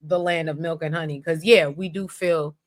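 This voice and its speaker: A woman from the United States co-hosting a casual chat, talking in an animated, rambling, expressive way. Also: low voice, moderate pace. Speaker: podcast co-host.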